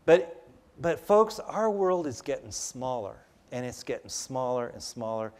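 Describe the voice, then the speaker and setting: A man's voice: mid-range voice, big pitch swings, a little slow, a little mellow. Older man giving a rambling talk. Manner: chatty, rambling, frequent restarts. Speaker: public speaker. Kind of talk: conversational lecture with personal anecdotes.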